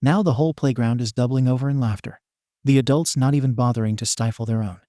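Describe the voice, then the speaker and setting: A man's voice: mid-range voice, steady tone, fast, warm tone, dry recording, studio quality. A man narrating a fan story in a wry, playful scripted reading.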